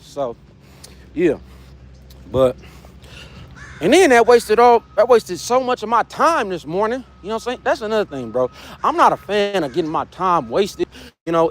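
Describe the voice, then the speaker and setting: A man hosts a livestream and rants about people who waste his time. His voice sits high and swings widely in pitch, jumping from low mutters to sharp peaks. He swears freely and keeps checking in with viewers. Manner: heated, profane, street slang, repeats "you know what I'm saying". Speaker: livestream host. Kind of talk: casual livestream rant.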